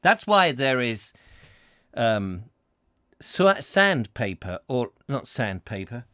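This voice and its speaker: A man's voice: mid-range voice, lively intonation, slow, bright, forceful tone, no room sound, studio quality. A man hosting a comedy chat show, rambling playfully through viewer comments and slipping into silly voices. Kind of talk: rambling comic live-stream chat.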